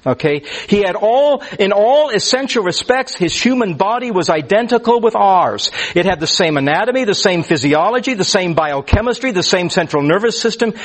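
A man preaching a conversational sermon to a group, often restarting his words and rising sharply on key phrases. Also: sits high. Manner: conversational, stammers on restarts, rises on emphasis. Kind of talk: sermon teaching. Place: church or class room with listeners.

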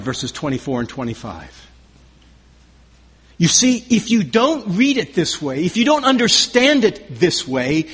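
A man's voice: high-pitched, slightly rough, long reverb tail. A man preaching a sermon verse by verse, emphatic and repeating his key phrases. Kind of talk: expository sermon.

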